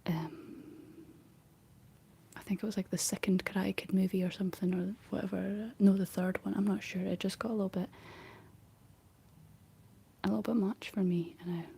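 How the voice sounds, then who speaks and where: A Scottish woman whispering softly in a rambling ASMR chat, answering her livestream viewers. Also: mid-range voice, steady tone, normal speed, creaky, pauses often, slightly rough. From Scotland.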